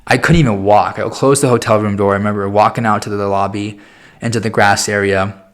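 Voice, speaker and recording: A young man in his twenties talks through a personal podcast monologue in a lowish voice. He is candid and emotional and swears freely. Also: fairly even intonation, fairly quick. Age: 20s. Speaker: podcast host.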